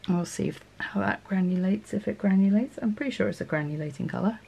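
A woman's voice: mid-range voice, vocal fry, a little mellow. A woman hosting an art channel, chatting casually and thinking aloud as she swatches paints, sometimes correcting herself mid-sentence.

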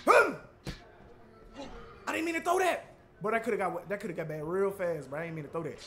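This gamer streamer trash-talks his opponent live while playing a boxing game, taunting him and grunting punch noises. His voice sits high, with lively intonation, a fairly quick pace and a fairly bright tone.

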